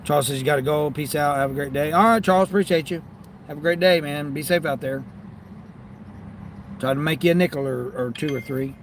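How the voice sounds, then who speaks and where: A fairly high-pitched man chats loosely to his livestream viewers from the driver's seat. Faint road and car noise sits under his voice. He rambles and answers comments as they come in. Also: fairly quick. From United States. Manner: rambling, talks back to chat. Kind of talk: casual livestream chat.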